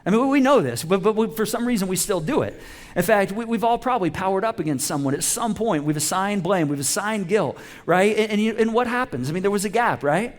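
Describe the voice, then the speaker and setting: A man preaching a sermon to a congregation in a conversational style, with frequent restarts and lively acted-out quotes. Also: high-pitched, brisk. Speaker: pastor. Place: church auditorium with a live congregation.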